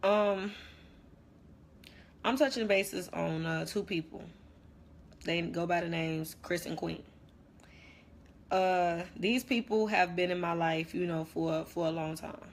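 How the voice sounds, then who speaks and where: A woman's voice: fairly low pitch, steady tone, slow, creaky, long pauses, a little hiss or hum. A young woman playing a dramatic ex-best friend who rambles through a slangy, repetitive rant on a phone livestream. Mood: subdued, hurt. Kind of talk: comedic social media live rant.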